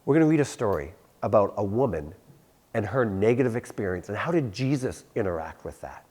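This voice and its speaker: Brisk and lowish-voiced, this young man delivers a youth sermon as a youth pastor. He's animated, performing different voices in his stories and laughing at them himself.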